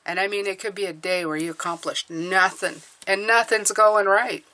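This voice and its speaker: A woman with a mid-range, fairly even voice and a bright, forceful tone does tarot readings for viewers at a moderate pace. She talks earnestly and encouragingly, frequently adding "okay?"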